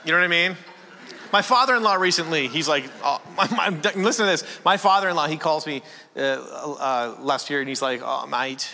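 A man's voice: a little high, lively intonation, a little fast, pushed and bright. A man from a small town in Canada doing a stand-up comedy set, rambling and conversational, often asking the room questions. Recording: long hall reverb.

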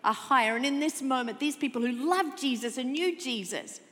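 Lady pastor preaching, kinda high voice, goes loud then soft, big echoey church. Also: normal speed. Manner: expressive, shifts from loud emphasis to soft intimate tones. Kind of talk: sermon. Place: church sanctuary.

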